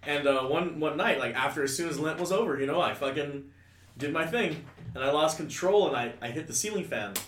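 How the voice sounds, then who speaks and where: A man's voice: on the high side, fairly quick, a bit bright, recorded from a distance, a little hiss or hum. A man telling a crude story in casual talk, rambling and full of asides. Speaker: storyteller guest. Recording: echoey room, a bit off-mic.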